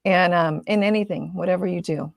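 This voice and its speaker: Woman artist guest, chatty and animated, laughs a lot, dry close sound. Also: on the low side, fairly quick, vocal fry, dry recording. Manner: animated, laughs often, lots of fillers. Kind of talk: casual conversational chat.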